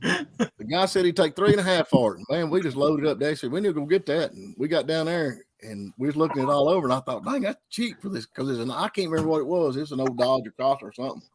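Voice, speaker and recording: Man, quick folksy storyteller, casual car chat, dry booth sound. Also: fairly high pitch, animated, breathy edge, no room sound. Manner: fast folksy storytelling with Southern idioms. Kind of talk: casual chat about cars.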